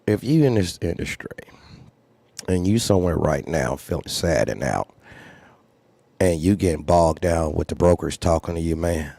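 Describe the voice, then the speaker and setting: Deep-voiced male trucking vlogger, freestyle livestream talk, close dry sound. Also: animated, normal speed, creaky, mellow, no echo. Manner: earnest, preachy, repeats phrases. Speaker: trucking channel host.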